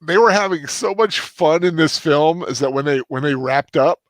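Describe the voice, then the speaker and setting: A man's voice: on the high side, moderate pace, dry recording. Guy hosting a movie rewatch, rambly and laughy, dry close sound. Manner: rambling, laughs a lot, many fillers. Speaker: host of a movie rewatch commentary. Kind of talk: casual group commentary.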